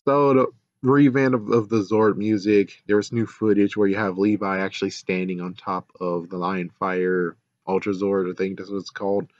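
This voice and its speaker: A man with a fairly low voice rambles through a show recap, sarcastic and exasperated, swearing now and then. The sound is dull and lo-fi, with a dry, close feel and no room around it. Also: flat delivery, moderate pace, a little mellow, no room sound. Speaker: show reviewer. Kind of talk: casual episode recap and review.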